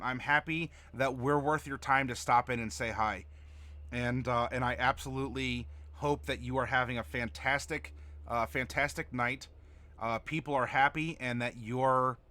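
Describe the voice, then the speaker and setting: A man's voice: mid-range voice, steady tone, normal speed, pushed and bright. A man hosting a livestream as game master, chatting casually and reading viewer messages aloud. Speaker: game master and stream host.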